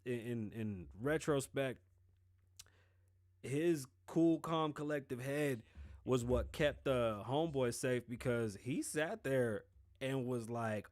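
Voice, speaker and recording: Man, podcast host, casual monologue, swears a lot, lively storyteller, mid-pitched voice, dry sound. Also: moderate pace, no echo. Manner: profane, animated storytelling.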